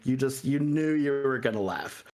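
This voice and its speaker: A man's voice: mid-range voice, moderate pace, a little mellow. A man co-hosting a podcast, chatting eagerly and stumbling over restarts. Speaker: podcast co-host. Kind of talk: casual chat.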